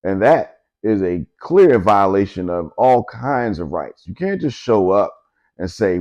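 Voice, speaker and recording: A podcast host with a fairly low, darkish voice that swings widely in pitch speaks a little slowly in opinionated solo commentary. He's emphatic and repetitive, conversational, and keeps throwing in asides like "you know what I'm saying?"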